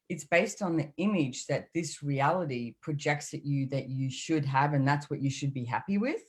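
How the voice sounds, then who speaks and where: A middle-aged woman speaking in a casual, chatty way as a podcast guest, acting out her inner voices as she talks. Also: low voice. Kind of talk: casual chat.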